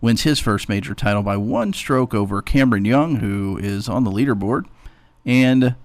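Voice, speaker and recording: A man co-hosts sports radio in a low, steady voice, reading calendar items briskly and teasing his partner. The sound is dry and close, with no room around it. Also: dry recording. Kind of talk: casual sports radio chat.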